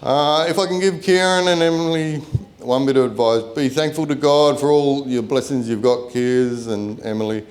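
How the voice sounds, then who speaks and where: A man's voice: mid-range voice, fairly even intonation, moderate pace, darkish tone, a little hiss or hum. A middle-aged Australian man, the groom's father, giving a chatty, self-deprecating wedding speech at a reception.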